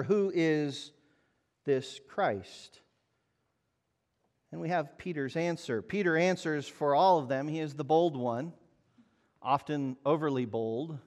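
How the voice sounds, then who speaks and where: A man preaching a sermon in an earnest, emphatic way, asking the listeners pointed rhetorical questions. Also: fairly high pitch. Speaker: pastor.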